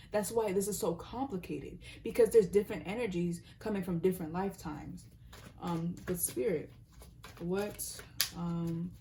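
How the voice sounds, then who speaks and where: A woman's voice: fairly low pitch, noisy background. A young woman giving a casual tarot reading, talking in a rambling, earnest way and often breaking off mid-thought. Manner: rambling, earnest, self-interrupting, sometimes laughing or dropping to a whisper. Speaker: tarot reader.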